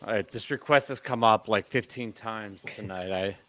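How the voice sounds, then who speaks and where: A man's voice: on the low side, moderate pace, fairly bright tone, no room sound. A man co-hosting a casual chat, joking and relaying viewer requests.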